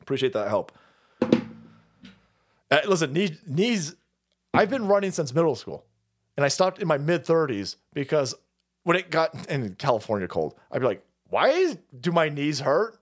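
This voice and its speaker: A man's voice: a little high, a little slow, pauses often. A man in his forties hosting a livestream, ranting casually with lots of swearing and frequent laughter. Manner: profane, laughs often, animated outbursts. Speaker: livestream host.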